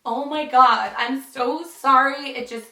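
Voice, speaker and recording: A woman voicing a furious, jealous young girlfriend who shouts her accusations in a shrill voice. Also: fairly even intonation, slow, exaggerated voice. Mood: apologetic. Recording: roomy, distant, faint music.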